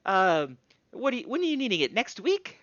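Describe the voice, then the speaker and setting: Guy putting on a squeaky flustered gnome lady smith, stammers all over, swoopy voice, dull dry sound. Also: huge pitch swings, brisk, fairly bright tone, dry recording, heavily acted. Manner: stammering, fluster, repeated words. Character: stout deep-bodied female gnome smith, flustered.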